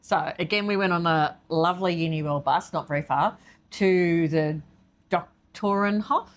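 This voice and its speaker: Brief: enthusiastic middle-aged female co-host with a very low voice. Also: moderate pace. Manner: warm, enthusiastic storytelling with fillers. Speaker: travel show co-host. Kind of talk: casual travel recap chat.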